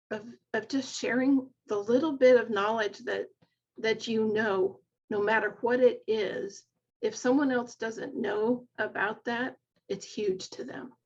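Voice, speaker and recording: A woman's voice: medium pitch, husky, muffled recording. A middle-aged woman, a nurse coach, speaking in an earnest, heartfelt way and retelling stories of her patients in a reflective conversation. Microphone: video call.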